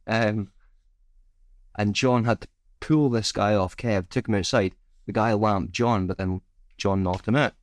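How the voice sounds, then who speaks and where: Lower-voiced man telling stories. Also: dry recording, studio quality. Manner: swearing, laughing anecdote teller. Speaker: podcast co-host. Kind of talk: casual storytelling chat.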